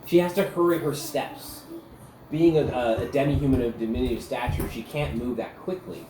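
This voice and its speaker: A man acting as game master narrates a tabletop game at a moderate pace in a medium-pitched voice. His descriptions are loose and frequently padded with filler words. The echoey room carries faint ambience and a noisy background.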